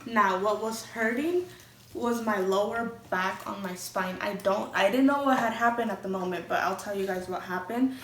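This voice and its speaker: A woman's voice: mid-range voice, moderate pace, a little hiss or hum. A young woman vlogger telling a storytime in a candid, chatty way, swearing freely. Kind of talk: casual storytime. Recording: roomy echo, from a distance.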